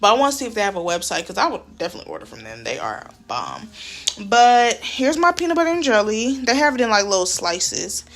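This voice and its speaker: A young woman, a flight attendant, chatting casually in an animated, slangy vlog while walking through a hotel room with a handheld phone. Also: medium pitch, brisk. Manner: animated storytelling, slangy, says "y'all".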